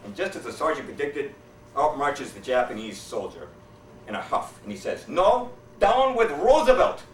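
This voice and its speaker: A man doing a stand-up routine, telling jokes with deadpan setups and quoted character voices. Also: mid-range voice, moderate pace, a little hiss or hum. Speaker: stand-up comedian. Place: hotel meeting room. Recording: echoey hall from far off. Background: audience laughter.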